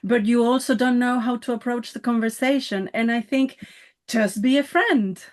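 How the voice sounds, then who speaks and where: Woman hosting, slightly high voice. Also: normal speed. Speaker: podcast host. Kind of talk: casual interview chat.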